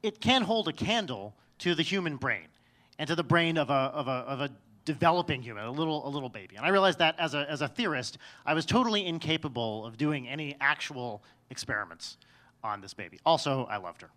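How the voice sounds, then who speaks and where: A man's voice: a little high, expressive, a little fast, pushed and bright. A man telling a personal story on stage in a wry, self-mocking way, often restarting his sentences.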